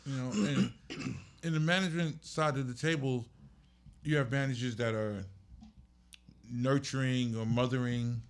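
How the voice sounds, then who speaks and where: A man's voice: mid-range voice, fairly even intonation, unhurried, long pauses. A man, a music manager and podcast guest, telling blunt stories in casual chat. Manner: blunt, storytelling with laughs.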